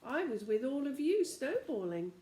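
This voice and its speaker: A woman's voice: sits high, big pitch swings, moderate pace, dark tone, reverberant, pitched above the performer's own voice. A woman reading Goldilocks, a brave little girl. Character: brave practical young girl.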